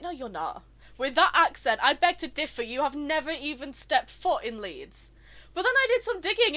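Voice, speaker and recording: A woman streaming a video game, chatting in an excitable, rambling way. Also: high-pitched. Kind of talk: live game commentary.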